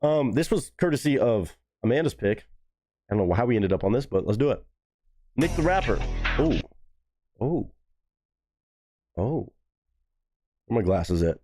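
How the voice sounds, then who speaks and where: A man's voice: mid-range voice, sing-song, a little slow, pauses often, warm tone. A young man chatting casually and goofily on a live stream, swearing freely and joking around.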